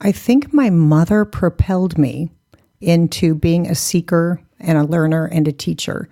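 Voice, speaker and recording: A woman's voice: on the low side, a little slow, dark tone. A woman in her forties, a podcast guest, telling her story bluntly and candidly, mocking herself and laughing often.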